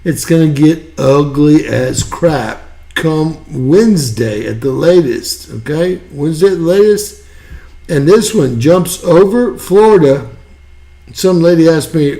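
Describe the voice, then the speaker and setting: A man's voice: on the high side, unhurried, dark tone. A man hosting an online news show, giving rambling, folksy weather commentary and repeating himself. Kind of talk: casual weather commentary over a map.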